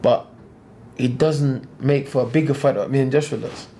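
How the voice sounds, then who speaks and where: A man's voice: medium pitch, steady tone, normal speed, dark tone, slight background noise. A man, a boxer talking bluntly and getting heated in an interview, repeating himself. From England. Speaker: professional boxer.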